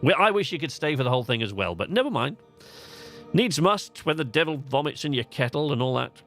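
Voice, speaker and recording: During a live gaming stream, a man chats eagerly with his viewers, using plenty of fillers as he comments on the game. His voice is on the high side and a bit bright, with big pitch swings and a fairly quick delivery, while soft music plays in the background.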